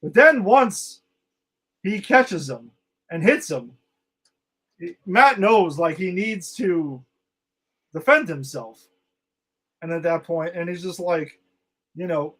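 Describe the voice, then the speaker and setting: Male podcast co-host, animated and profane, breaks down an episode in casual chat, voice pitched a little high. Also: slow pace, pauses often. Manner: excited, swears freely, acts out quotes.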